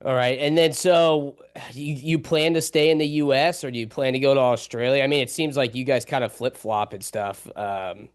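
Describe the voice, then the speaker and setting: Easygoing male host, smooth clear voice, dry close sound, chatty questions. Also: medium pitch, moderate pace, few pauses, dry recording. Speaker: podcast host. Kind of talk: casual interview chat.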